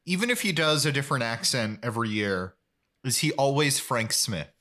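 Brief: young male podcast co-host, bright and punchy, animated and playful. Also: medium pitch. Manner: animated, playful, quick to joke. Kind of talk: casual chat.

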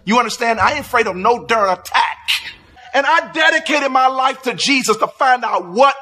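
A man's voice: extremely high pitch, animated, moderate pace, pushed and bright, husky. A preacher ranting angrily at his viewers in a combative, commanding way. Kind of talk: angry live-stream rant.

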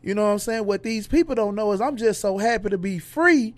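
A man's voice: high-pitched, brisk. A man, a podcast guest, speaking casually and animatedly as he tells stories and acts out what other people said. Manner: animated storyteller who acts out others' lines. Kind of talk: casual conversation, storytelling.

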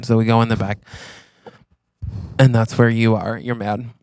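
A man's voice: on the low side, level tone, a little mellow, smooth, dry recording, clean studio sound. A young man co-hosting a comedy podcast, improvising a silly story and acting out the dialogue of both characters. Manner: acts out both sides of a made-up scene, quick asides. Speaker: podcast co-host.

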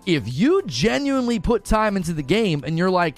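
A man streaming casually, reading his chat aloud and arguing his points, often repeating words as he rushes ahead. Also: high voice, soft background music. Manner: animated, argumentative, repeats words while rushing ahead.

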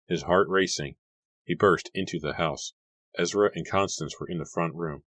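A man narrating a horror audiobook in a measured, even reading. His voice is exceptionally deep, and the recording is dry and close with no room sound. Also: dry recording.

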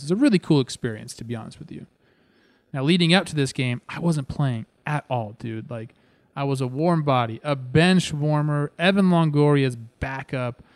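Guy in his 30s hosting his own show, laughing at himself, lively and chatty, mid voice, dead dry mic. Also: medium pitch, no echo. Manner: animated, self-deprecating, chatty. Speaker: host, former pro baseball player. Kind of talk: casual storytelling over game footage.

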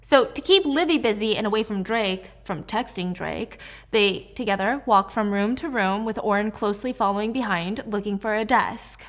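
A young woman with a mid-range voice retells a novel's plot at a normal pace, casual and chatty, packing in fillers and slangy asides. She's a book recap creator doing a laid-back storytelling recap.

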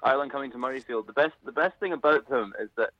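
A man's voice: mid-range voice, very fast, no echo, muffled recording. A man from Scotland with a Scottish accent, calling in as a fan and rambling easily. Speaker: caller, fan.

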